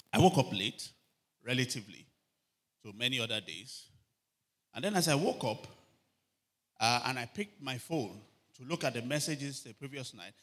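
A man preaching a sermon, telling animated stories and calling for amens. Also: mid-range voice. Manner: animated storytelling, shouting quoted cries, frequent calls for amen. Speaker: pastor.

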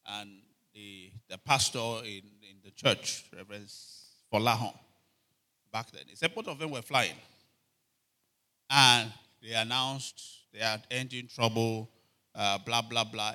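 A man preaching a sermon, telling animated stories and calling for amens. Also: medium pitch, measured pace. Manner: animated storytelling, shouting quoted cries, frequent calls for amen. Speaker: pastor.

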